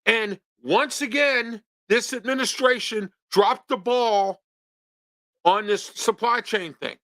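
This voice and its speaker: A man's voice: very high-pitched, slow, sharp tone, dry recording. A man hosting an opinion talk show in a studio, ranting with rhetorical questions and repeating himself.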